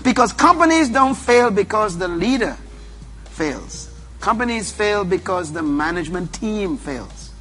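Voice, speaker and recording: Emphatic high-voiced man preaching leadership. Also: animated, measured pace, fairly bright tone, faint music behind. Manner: emphatic, repetitive, commanding the audience. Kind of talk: motivational sermon.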